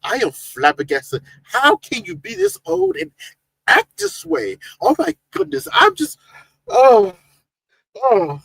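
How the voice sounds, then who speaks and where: A shrill, exasperated woman squeals in disbelief, her voice leaping very high and swooping all over, as a man mocks her in falsetto. The sound is close and dry. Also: huge pitch swings, slow, creaky, a bit bright, dry recording, heavily acted, rough recording. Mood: flabbergasted. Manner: mocking falsetto impression.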